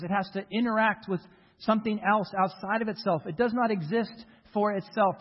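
A man's voice: sits high, husky. An American man, a pastor, preaching a sermon earnestly and emphatically, leaning on key words, in a church sanctuary. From United States. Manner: earnest, emphatic preaching with slow stressed phrases. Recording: reverberant hall, dull lo-fi sound.

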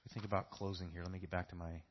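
Low, husky-voiced man preaching. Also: flat delivery, very fast, lo-fi sound. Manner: earnest, repeats key phrases for emphasis. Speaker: pastor. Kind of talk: sermon. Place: church.

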